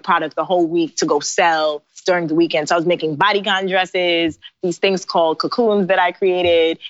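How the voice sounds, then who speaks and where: A woman's voice: fairly low pitch, no echo. A woman in her thirties, a bridal designer, telling stories in a casual interview with frequent laughs. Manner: animated, laughs often while telling stories. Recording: dry, slightly dull podcast audio.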